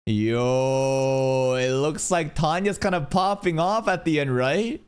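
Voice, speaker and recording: A man streaming casual reaction commentary on an anime film, swearing freely, with sudden loud outbursts. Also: fairly high pitch, slow, smooth.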